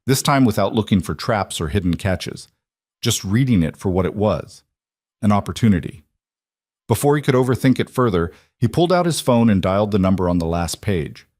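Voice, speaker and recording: Guy narrating a sappy story, calm and measured, lowish voice, dry close mic. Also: dry recording.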